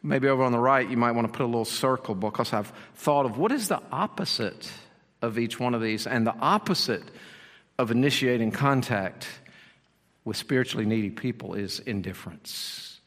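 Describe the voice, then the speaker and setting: A man's voice: medium pitch, normal speed, fairly bright tone, long reverb tail. A man preaching a sermon as pastor, explaining the passage with rhetorical questions and repeated phrases.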